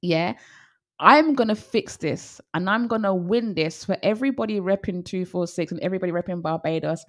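A woman's voice: lowish voice, brisk. A woman co-hosting a show, chatting casually and teasing her co-host, laughing often. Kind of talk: casual banter.

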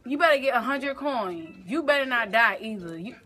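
A woman's voice: on the high side, animated, normal speed, bright, forceful tone, soft background music. A woman playing a video game with a partner, bantering in casual chat and trading teasing comebacks with frequent laughter. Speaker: gameplay co-host.

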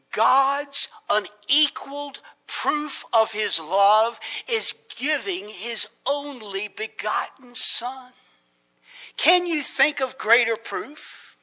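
A male preacher delivering a sermon at an unhurried, measured pace, his tone bright and forceful. He leans hard on key words, then drops suddenly to an intimate whisper before building up again. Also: very high-pitched. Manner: dramatic swings from emphatic to hushed whispers; slow, deliberate emphasis on key words.

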